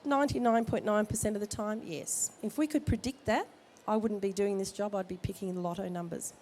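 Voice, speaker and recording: A woman with a cold, speaking in a mid-range voice with fairly even intonation and a brisk pace, her tone darkish. She's a midwife at a baby expo giving expectant parents jokey, direct advice in an informal talk in the expo hall. There's a little hiss or hum in the recording.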